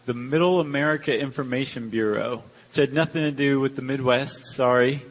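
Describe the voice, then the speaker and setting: A man co-hosting a podcast in front of a live audience, trading jokes and quick asides. His voice sits in the middle range. A long hall reverb trails behind him from the venue. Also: medium pitch. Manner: joking, chatty, quick asides. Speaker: podcast co-host.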